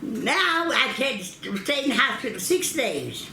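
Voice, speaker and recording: A woman's voice: on the high side, big pitch swings, unhurried, vocal fry, bright, forceful tone, roomy sound, a little hiss or hum. An older woman from North Carolina, recalling childbirth stories, acting out quoted voices and laughing often. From North Carolina, United States. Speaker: interviewee telling family history.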